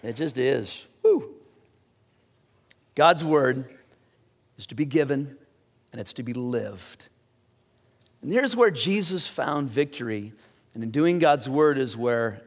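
A man preaching a sermon, swinging between excited high rises and quiet low drops, his voice getting hoarse. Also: unhurried, pauses often, long reverb tail. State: losing his voice. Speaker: pastor.

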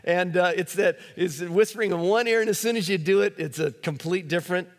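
Brief: male pastor, slightly high voice, chatty sermon delivery, long hall echo. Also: fairly quick. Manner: conversational preaching with many fillers and restarts.

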